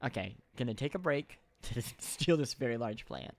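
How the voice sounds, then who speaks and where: A man, a game show host with an expressive mid-range voice, chats casually and cracks jokes while playing a video game. He speaks at a moderate pace with few pauses and sometimes reads the game's lines out loud.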